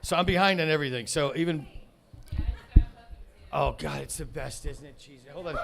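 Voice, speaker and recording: A man hosting a comedy show, swearing and shouting in a rant, then rambling with fillers and restarts. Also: on the high side, brisk, creaky, noisy background. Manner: profane, shouting rants at a heckler.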